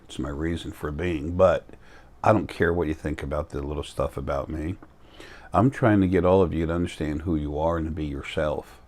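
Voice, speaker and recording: A vlogger with a very deep, low voice speaks straight to camera in a loose, rambling monologue, sounding tired, blunt, and defiant as he brushes off criticism in plain words. His tone is steady and a little mellow, at normal speed.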